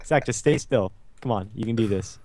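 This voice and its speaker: A man's voice: fairly low pitch, fairly quick, dark tone, a little hiss or hum. A man hosting a casual online gaming session with friends, teasing and repeating orders. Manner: bossy, teasing, repeats himself. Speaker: host.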